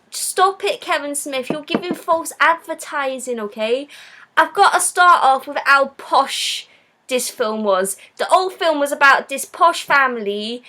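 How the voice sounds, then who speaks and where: A woman's voice: high-pitched, bright, forceful tone. A woman hosting a live stream, giving a blunt, sarcastic, casual film review.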